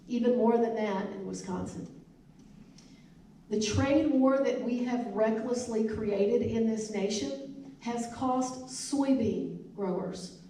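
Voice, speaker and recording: A woman's voice: fairly high pitch, warm tone, far from the mic, a little hiss or hum. Southern-accented woman speaking in an echoey hall. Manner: emphatic, repetitive oratory. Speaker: congresswoman at a town hall. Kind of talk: town hall speech. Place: elementary school hall.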